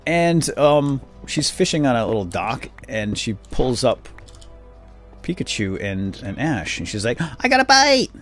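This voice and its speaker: A man's voice: medium pitch, lively intonation, measured pace, faint music behind. A man casually recapping a cartoon while playing a game, rambling with many fillers and chuckles.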